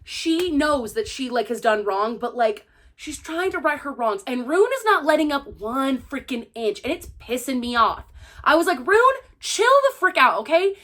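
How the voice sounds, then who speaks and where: A young woman gushing through a casual, spoiler-filled book review, excitable and full of "like". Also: sits high, moderate pace. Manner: gushing, excitable, heavy use of "like".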